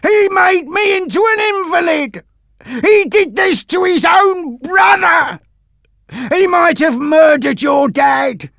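A man's voice: a little high, very animated, a little slow, vocal fry, dry recording, studio quality, voice pushed up, full character voice. A man voicing a bitter, brooding man in a wheelchair who bursts into screaming rage.

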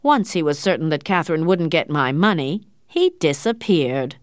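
Audiobook character, a woman reading a cold, stern older male doctor with a low, measured, deliberate voice. He speaks slowly and coldly, and the recording is close and dry with no room sound. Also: animated, no echo. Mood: disdainful.

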